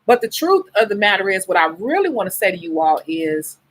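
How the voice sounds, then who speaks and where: Husky-voiced woman, blunt and emotional. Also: medium pitch, big pitch swings, a little fast, poor audio. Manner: blunt, emotional, talks straight to viewers. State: sleep-deprived, tired. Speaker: nail technician and beauty YouTuber. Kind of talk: candid livestream chat.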